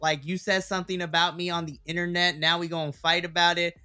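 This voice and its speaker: A man in his thirties co-hosting a wrestling podcast, recapping matches in an animated way and laughing often. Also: fairly high pitch, fast talker, smooth, faint music behind. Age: 30s. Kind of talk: casual chat.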